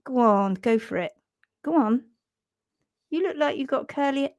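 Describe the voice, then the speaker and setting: Woman, high voice, chatty and giggly host, casual live-stream chat, dry close sound. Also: expressive, measured pace, pauses often, a little mellow, no room sound. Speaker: host of a horse care live show.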